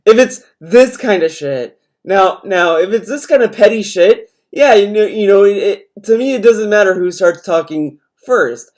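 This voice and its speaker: A man's voice: high voice, expressive, moderate pace, darkish tone. A young adult man streamer ranting in casual chat, swearing often and rambling as he talks. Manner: profane, rambling rant.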